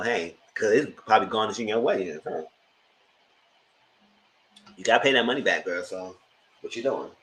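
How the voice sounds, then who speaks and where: A man hosting a live TV review, giving sassy, animated commentary straight to his viewers. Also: on the low side, a little hiss or hum, poor audio. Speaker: TV review host.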